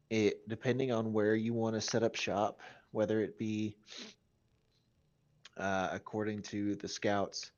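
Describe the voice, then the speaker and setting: A man running a tabletop game as game master, talking slowly and deliberately. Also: lowish voice, a little mellow, lo-fi sound. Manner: slow, deliberate, gravelly.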